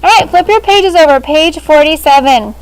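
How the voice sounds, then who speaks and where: Through a face shield, a high-voiced woman teaching sixth grade language moves briskly through a grammar lesson, businesslike as she calls on each student in turn. The classroom recording is rough.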